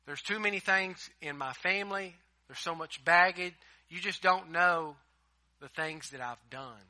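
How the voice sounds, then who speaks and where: Doubting, anxious man begging off a calling, acted by a preacher; voice pitched up, bright and edgy. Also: unhurried, heavily acted. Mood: pleading. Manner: pleading, incredulous.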